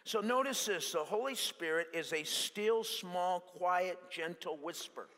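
A male pastor preaching an animated sermon that mixes in jokes. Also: high-pitched, a little slow. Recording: long hall reverb.

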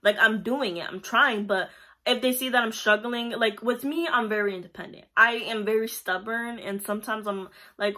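A woman's voice: medium pitch, fairly even intonation, brisk, bright, forceful tone. A young woman talking casually about her job as a pharmacy technician, chatty and rambling with lots of fillers. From Puerto Rico. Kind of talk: casual vlog storytelling.

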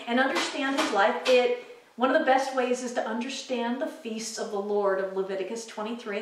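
A woman teaching children in a chatty, animated way, full of asides and fillers. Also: on the high side, a little hiss or hum. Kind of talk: informal teaching video for kids. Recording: echoey room, mic far off.

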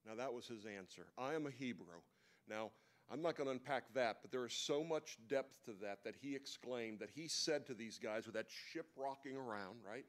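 A man preaching at a church men's breakfast. His voice sits at an ordinary middle pitch. He retells the story in a relaxed, conversational way and drops in casual asides. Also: normal speed. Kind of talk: sermon.

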